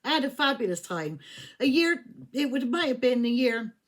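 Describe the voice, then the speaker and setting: A woman's voice: high voice, sing-song, moderate pace. An English woman in her fifties telling a rambling personal story in a casual, chatty way, laughing often and swearing now and then. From England. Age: 50s. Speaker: tarot reader.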